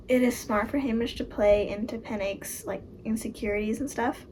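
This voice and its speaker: A young woman chatting casually as she reacts to a book she is reading, emotional and quick to exclaim. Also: on the high side, noisy background. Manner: emotional, exclaims and gasps at the story.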